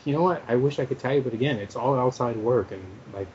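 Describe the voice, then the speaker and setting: Fast rambling man on a lo-fi podcast. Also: mid-range voice, darkish tone. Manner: rambling, filler-heavy, laughs often. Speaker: podcast co-host. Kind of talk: casual chat. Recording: dull lo-fi sound, faint noise.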